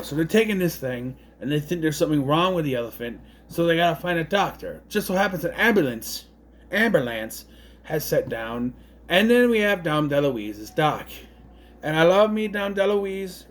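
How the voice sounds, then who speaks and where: Lively rambling man reviewing a film. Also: on the high side, normal speed. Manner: rambling, puzzled asides, mocking impressions. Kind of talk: casual spoken film review.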